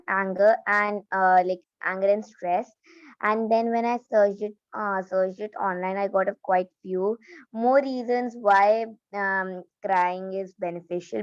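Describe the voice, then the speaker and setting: A woman's voice: mid-range voice, darkish tone, no echo, lo-fi sound. A young woman student giving a hesitant spoken answer in an online class, full of fillers and restarts.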